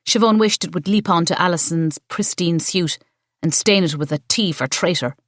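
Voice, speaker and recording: A woman narrating an audiobook mystery in a steady storytelling manner. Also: lowish voice, moderate pace, no room sound, clean studio sound. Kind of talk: scripted narration.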